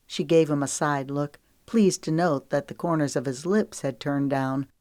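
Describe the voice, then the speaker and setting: Woman reading a romance audiobook, steady measured pace, lowish voice, dead dry close mic. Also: no echo. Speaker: audiobook narrator. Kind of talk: scripted narration.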